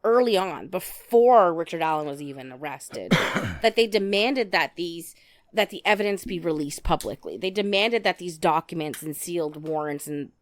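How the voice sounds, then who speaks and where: A woman's voice: on the low side, animated, normal speed, no room sound. A woman co-hosting a casual true-crime podcast, outspoken and indignant, swearing now and then. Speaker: podcast co-host.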